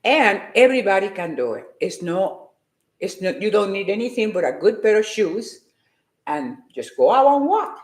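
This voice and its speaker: A woman's voice: medium pitch, lively intonation, measured pace, a little mellow, reverberant. A woman giving a hyper, emphatic motivational talk to her live-stream viewers, repeating her points with force.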